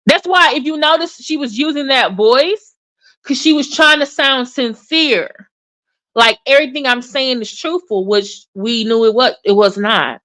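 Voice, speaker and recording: A woman hosting a casual livestream commentary, chatty and animated, with many fillers and restarts. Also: high-pitched, a little slow. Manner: addresses viewers in chat by name. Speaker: commentary channel host.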